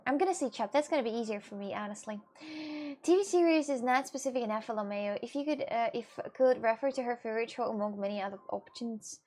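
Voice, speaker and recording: A woman's voice: on the high side, fast, darkish tone. A woman with a chatting casually to her viewers, rambling and restarting with many fillers. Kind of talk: casual chat.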